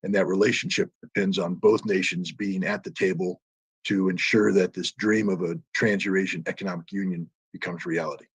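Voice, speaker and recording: A man on a panel answering an audience question with measured expert analysis, full of fillers and restarts. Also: low voice, steady tone, breathy edge, no echo.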